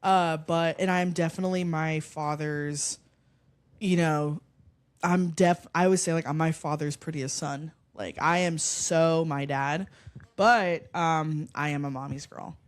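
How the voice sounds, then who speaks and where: A woman's voice: low voice, fairly even intonation, unhurried. A young woman, a comedian, chatting casually as a podcast guest, brash and profane, telling stories from her life. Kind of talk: casual chat.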